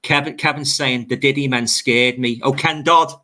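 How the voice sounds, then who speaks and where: A man's voice: mid-range voice, steady tone, normal speed, pushed and bright. An older man from Liverpool with a Scouse accent, hosting a casual livestream chat and reading out viewer comments, repeating phrases as he talks. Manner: chatty, repeats phrases and fillers. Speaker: livestream host.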